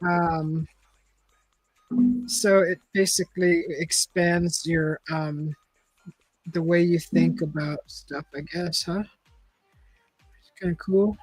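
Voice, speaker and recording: A woman's voice: on the low side, steady tone, slow, long pauses, darkish tone, no room sound, rough recording. Woman, middle-aged, casual chat, rambling, dry close recording, faint music behind. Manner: rambling and chatty, with frequent restarts and laughs. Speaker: host. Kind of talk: casual chat and reading aloud.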